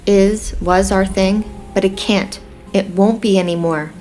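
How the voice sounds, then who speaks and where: A woman reading a romance audiobook, voicing a young woman who is determined and pleading, lifting her voice higher and louder. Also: fairly even intonation, a little slow, lightly acted, low-quality recording. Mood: insistent. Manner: pleading, insistent, rising emotion.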